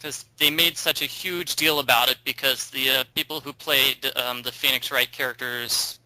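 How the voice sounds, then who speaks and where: Brief: talkative male host, very bright forceful tone, dry close sound, rambling delivery. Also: medium pitch, fairly even intonation, moderate pace, dry recording, rough recording. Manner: chatty, digressive, thinks aloud with ums. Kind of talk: casual chat.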